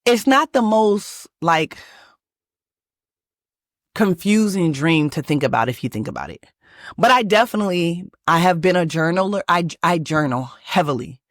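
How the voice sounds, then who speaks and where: Animated Texan woman telling a story. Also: lowish voice, moderate pace, no room sound, studio quality. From Texas. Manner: animated, emphatic, lots of restarts and fillers. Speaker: manifestation channel host. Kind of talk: casual personal storytelling.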